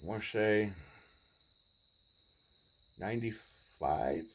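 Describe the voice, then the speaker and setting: A man's voice: fairly low pitch, expressive, noisy background. Laid-back man in his forties telling stories. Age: 40s. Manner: laid-back, rambling, folksy, with pauses. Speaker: vlogger. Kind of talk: casual storytelling.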